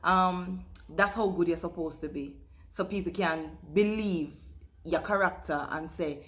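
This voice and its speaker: A woman's voice: fairly low pitch, steady tone, measured pace. A woman casually recalling her favorite acting moments, with lots of hesitant fillers and repeated words. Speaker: cast member interviewee. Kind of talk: casual recollection to camera.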